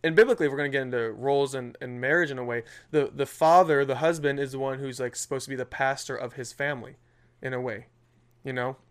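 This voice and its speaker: A young man in his twenties co-hosting a relaxed podcast conversation. He talks at a brisk clip and tells stories with lively energy, peppered with fillers. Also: medium pitch, clean tone. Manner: animated storytelling with lots of filler. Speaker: podcast co-host. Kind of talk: casual chat.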